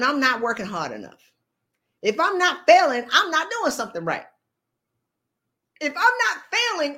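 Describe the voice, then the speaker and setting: A woman giving a motivational talk, preachy and joking, acting out little scenes of dialogue as she speaks. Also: high voice. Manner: animated, preachy, jokes and acts out dialogue. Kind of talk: motivational talk with acted-out asides. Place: streamed live talk.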